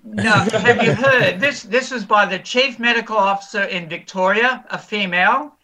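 A man with a very high pitch and a piercingly bright tone eagerly shares claims. He speaks in casual chat. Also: moderate pace.

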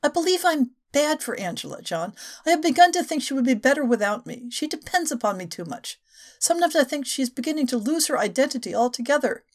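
A woman's voice: high-pitched, big pitch swings, fast. An anxious devoted village woman, read by a woman. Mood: worried. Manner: earnest, worried.

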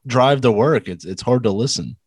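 A young man on a podcast with friends in casual chat, cracking deadpan jokes and stumbling over restarts. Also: medium pitch, moderate pace, slightly rough, dry recording, studio quality. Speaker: podcast regular.

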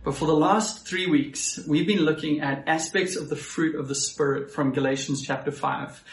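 A male pastor with a South African accent gives a relaxed, conversational sermon. His voice is gravelly and a little raised in pitch, with a fairly flat delivery. The room around him sounds echoey. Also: moderate pace. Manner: friendly, self-deprecating, conversational preaching.

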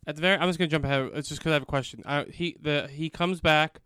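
A man's voice: on the high side, steady tone, quick pace, sharp tone, clear, resonant tone, no echo, studio quality. A man co-hosting a podcast, chatting casually, laughing often and asking questions. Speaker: podcast co-host. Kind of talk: casual chat.

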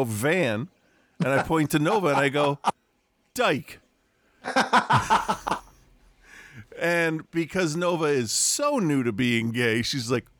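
His voice sits in the mid range with a fairly bright tone and no echo. He's a middle-aged podcast co-host talking casually in a room at home, a rambling storyteller who keeps restarting and laughing.

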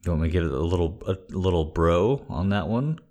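A man's voice: deep voice, lively intonation, a little fast, a little mellow. A man hosting a livestream, chatting casually and rambling with jokes and lots of swearing as he thanks supporters. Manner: rambling, profane, joking. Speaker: livestream host reading requests for patrons.

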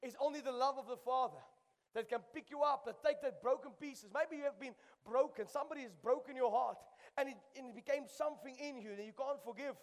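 A man's voice: very high-pitched, a little fast, big-room sound. A man preaching a sermon in a church, impassioned and repeating phrases for emphasis. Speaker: pastor. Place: church sanctuary.

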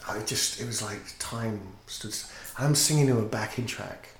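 A man's voice: on the low side, normal speed, vocal fry. Earnest man telling a story in a roomy space. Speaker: podcast guest, teacher and singer. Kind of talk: casual interview conversation. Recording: roomy echo with faint noise.

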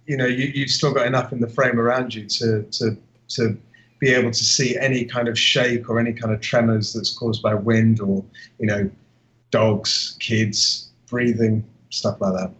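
A man's voice: medium pitch, fairly bright tone. A man co-hosting a casual photography podcast, talking in a rambling way with many restarts. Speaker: podcast co-host. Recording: dull lo-fi call audio.

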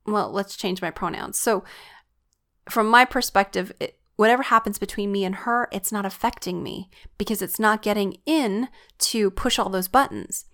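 Earnest woman with vocal fry. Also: medium pitch, normal speed, a bit bright. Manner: earnest, reflective storytelling. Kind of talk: personal faith testimony.

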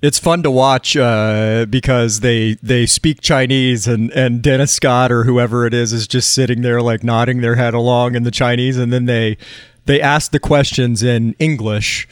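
A man co-hosting a casual podcast, telling stories in a rambling, halting way with many restarts. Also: medium pitch, fairly even intonation, clean tone, no room sound, studio quality. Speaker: podcast co-host. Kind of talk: casual chat.

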